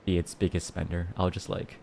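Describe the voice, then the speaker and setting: A man's voice: low voice, completely flat delivery, fast talker, gravelly, a little mellow, slight background noise. A man streaming and chatting casually, giggling often and thanking donors with playful rawrs. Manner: rambling with many restarts. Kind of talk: casual livestream chat.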